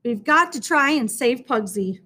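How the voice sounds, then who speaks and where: A woman reading aloud voices an earnest, well-meaning schoolboy in a storybook. He speaks plainly and matter-of-factly, in a high, lively voice at an unhurried pace. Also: heavily acted.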